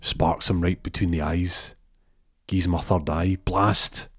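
A man's voice: low-pitched, steady tone, unhurried, a bit bright, husky, dry recording, clean studio sound. A man telling a crude comic story in a rambling way, with many restarts.

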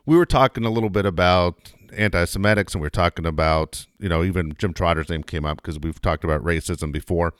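A man co-hosting a casual talk show, telling a story in an animated way, swearing and repeating words when worked up. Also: sits low, brisk, few pauses, clean tone, no echo, studio quality. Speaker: co-host. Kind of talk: casual radio chat.

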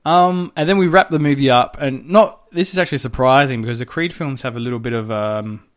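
A man's voice: medium pitch, brisk. A man co-hosting a podcast in casual chat, recapping a film in a rambling way with restarts and casual swearing. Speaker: podcast co-host.

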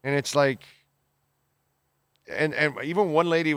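On the high side and gravelly, this podcast host's voice is pushed and bright with lively intonation and no room sound. He goes through listener comments, reacting bluntly and with exasperation, swearing freely while restarting his sentences and filling gaps with many fillers.

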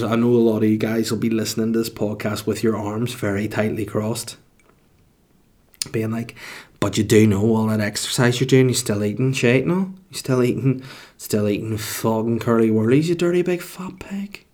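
A man's voice: medium pitch, a little mellow. A man hosting a solo podcast in a casual, rambling, self-mocking way with plenty of swearing. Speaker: podcast host.

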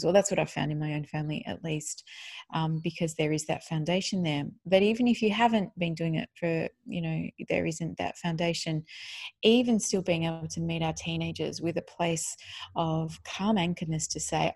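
A middle-aged woman co-hosting a podcast, talking earnestly in casual conversation and growing animated when enthused. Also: low voice, no room sound. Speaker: podcast co-host.

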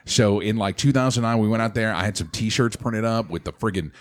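A man with a lowish voice talks a bit fast, telling a story in a casual podcast chat. He's an animated storyteller who laughs often and acts out the voices of the people he quotes.

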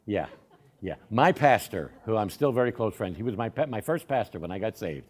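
Older man, folksy church storyteller, lively pitch, lots of restarts. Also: fairly quick. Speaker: Sunday school speaker. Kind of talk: storytelling testimony in a church class.

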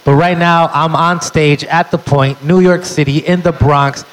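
A man's voice: on the high side, steady tone, a little slow, a little hiss or hum, poor audio. A man doing a stand-up comedy set on stage, telling stories in a brash, punchy way and calling out to the crowd. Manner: brash, punchy storytelling with crowd call-outs. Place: on stage at a live venue.

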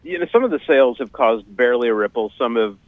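A man being interviewed as a guest on a radio show, answering in a measured, explanatory way with many hesitant fillers. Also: medium pitch, lively intonation, no echo, narrow, tinny audio. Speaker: guest, beer writer.

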